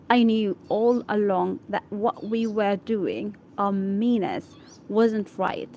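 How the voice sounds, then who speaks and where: A woman whose first language is Arabic reads an English article aloud for practice, halting and correcting herself as she checks how words are pronounced. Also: medium pitch, a little mellow, slight background noise, low-quality recording. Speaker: English learner.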